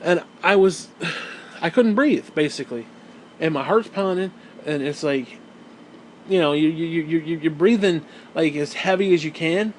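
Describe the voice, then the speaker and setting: A man's voice: fairly high pitch, a little mellow, slight background noise, poor audio. A man telling a rambling story in a casual rant to his viewers, repeating himself, swearing and laughing now and then. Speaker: gaming and wrestling video host.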